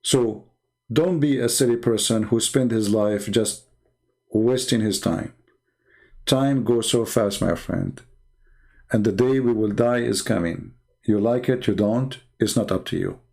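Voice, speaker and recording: His fairly low, gravelly voice has a darkish tone and an unhurried pace. The middle-aged online debate host, a native Arabic speaker, sounds weary and strained on his late-night livestream as he lectures emphatically with non-native grammar.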